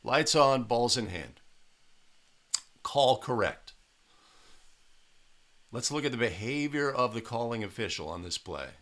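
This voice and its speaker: A man's voice: mid-range voice, animated, measured pace, pauses often, fairly bright tone. A man in a studio reviewing game video for basketball officials, speaking emphatically and tagging points with "right?". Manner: emphatic, coaching tone with frequent "right?". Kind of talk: video analysis commentary.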